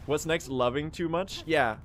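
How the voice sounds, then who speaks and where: A man's voice: a little high, moderate pace, fairly bright tone, faint music behind. A young man streaming a speedrun, chatting casually and joking as he answers his chat.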